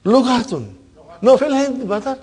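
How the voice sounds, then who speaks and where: A man's voice: very high voice, animated, normal speed, a little mellow, husky. A man teaching an Arabic grammar class, quizzing students and repeating terms with frequent checks of "huh?". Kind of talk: classroom lesson.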